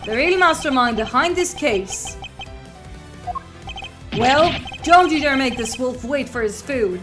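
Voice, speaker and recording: A woman's voice: high voice, animated, slow, voice pushed up. Give me a swaggering male agent with a put-on Southern accent, as a woman reads him, over game music. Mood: cocky taunting. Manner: teasing, brash, drawling.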